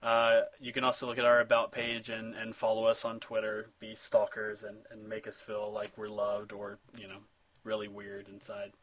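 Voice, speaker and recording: A man's voice: on the low side, monotone, moderate pace, fairly bright tone, low-quality recording. A man hosting a casual retro gaming podcast, talking loosely with plenty of ums and repeated starts. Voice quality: rambling with fillers and chuckles. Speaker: podcast host.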